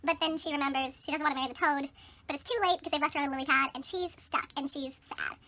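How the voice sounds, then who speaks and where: A woman's voice: sits high, steady tone, fast, sharp tone. A young woman vlogger casually retelling a film plot in a breezy, chatty way, acting out the characters.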